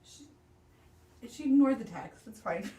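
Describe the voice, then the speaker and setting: A woman's voice: on the high side, animated, unhurried, dark tone. A woman co-hosting a stream, reading posts aloud and chatting playfully with giggles. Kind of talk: casual reading and chat on a stream. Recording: roomy echo, distant from the mic.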